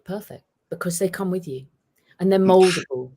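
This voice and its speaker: Man, podcast guest, animated storytelling, casual football talk, talks at home. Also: sits high, moderate pace, slight background noise. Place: home with a dog.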